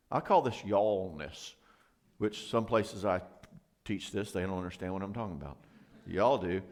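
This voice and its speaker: Middle-aged male speaker, marriage seminar, lively storyteller who acts out couple quarrels. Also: medium pitch, moderate pace. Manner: animated storyteller, acts out both sides of quarrels. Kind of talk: church marriage seminar talk.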